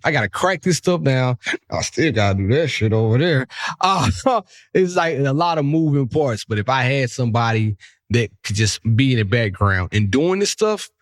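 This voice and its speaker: Animated, slangy man hosting a podcast. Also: mid-range voice, normal speed, no echo, studio quality. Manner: animated storyteller, slangy and profane, jumps into voices. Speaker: podcast host. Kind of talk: casual podcast chat.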